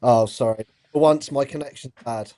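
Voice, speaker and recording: A man's voice: mid-range voice, normal speed, dark tone. A man from England with a Southern English accent, calling in to a sports talk show and chatting in an easygoing, modest way. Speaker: caller. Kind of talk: casual call-in chat.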